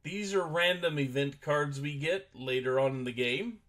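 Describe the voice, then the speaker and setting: A man's voice: fairly high pitch, normal speed, fairly bright tone. Man, casual stream chat, explaining game rules, hesitant, thinking aloud, desk mic, typing behind. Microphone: desk microphone at a computer.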